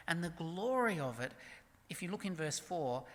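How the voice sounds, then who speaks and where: Speaking in a large church hall, this preacher has a mid-range voice with big pitch swings. His emphatic sermon moves from booming declarations to hushed, almost whispered lines, and he reads scripture in a slow, soft way.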